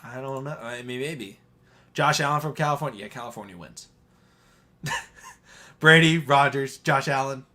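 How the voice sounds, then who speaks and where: Bright-voiced man in casual sports chat. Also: medium pitch, moderate pace, long pauses. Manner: rambling, hesitant, laughs often. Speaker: podcast co-host.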